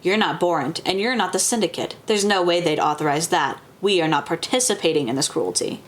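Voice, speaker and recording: A woman's voice: on the low side, animated, brisk, close to an everyday voice. A woman voicing a stubborn, defiant man who swears bluntly.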